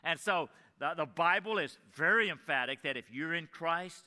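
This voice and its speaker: A man with a high, very bright voice preaches an earnest sermon, repeating key phrases for emphasis. At times he drops to a hushed, intimate tone. The sound carries a long reverb from the church hall. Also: animated, a little fast, few pauses. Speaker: pastor.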